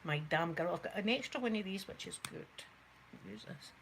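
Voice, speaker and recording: A Scottish woman hosting a soft-spoken ASMR makeup video, chatting to viewers and rambling through stories, sometimes dropping to a near-whisper. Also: medium pitch, animated, brisk, gravelly, a little hiss or hum, rough recording. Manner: chatty, rambling storyteller who talks to viewers. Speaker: ASMR channel host.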